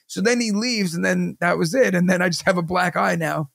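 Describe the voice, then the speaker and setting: High, gravelly man. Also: a little fast, dry recording, studio quality. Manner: animated, acts out quoted voices in a vivid retelling. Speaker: podcast host. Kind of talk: casual storytelling chat.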